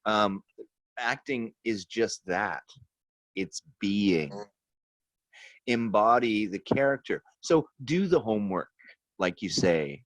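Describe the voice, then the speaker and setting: A man actor on a panel video call, speaking haltingly and effusively. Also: on the low side, animated, fairly bright tone, no echo, poor audio.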